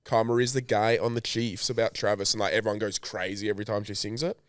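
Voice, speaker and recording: A man's voice: lowish voice, little pitch movement, fast, no room sound, clean studio sound. A young Australian man in casual podcast banter, teasing and swearing a lot. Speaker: co-host.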